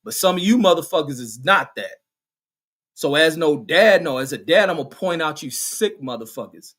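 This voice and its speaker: Reading chat comments out loud on his stream, a middle-aged man answers each one with furious, heavily cursing retorts in street slang. He has a fairly high, bright voice, animated and at a moderate pace.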